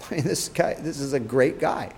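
A man preaching, retelling a Bible story with animated delivery and acted-out quotes. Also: measured pace, a little hiss or hum. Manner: animated, acts out quotes with rising and dropping pitch. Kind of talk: sermon storytelling.

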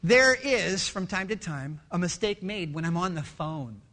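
A middle-aged male pastor preaching a sermon with passion, swinging from loud to hushed. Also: high voice, expressive, unhurried.

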